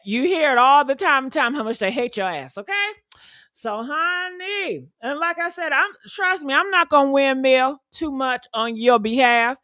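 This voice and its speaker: A woman hosting a reaction channel, talking in a heated, brash and profane way, calling her listeners honey and letting out loud whoops. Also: high voice, no echo, clean studio sound. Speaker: commentary channel host.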